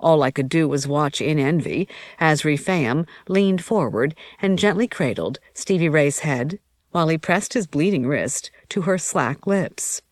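A woman reading a first-person story as audiobook narration in an even, measured way. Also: sits low, no echo.

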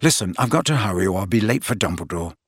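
A man's voice: sits low, lively intonation, fast talker, husky, no room sound, clean studio sound, pitched below the performer's own voice. A man voicing an earnest teenage schoolboy who speaks politely and a little awkwardly.

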